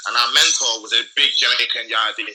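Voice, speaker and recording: Excitable young man, bright voice. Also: medium pitch, brisk, low-quality recording. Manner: excited, rambling, slangy storytelling. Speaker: podcast co-host. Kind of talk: casual storytelling chat.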